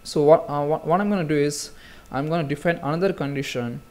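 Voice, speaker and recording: A man's voice: a little high, quick pace, darkish tone. Casual man talking through code. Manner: casual, talks through steps with many fillers and restarts. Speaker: programming tutor. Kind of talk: screen-recorded coding tutorial.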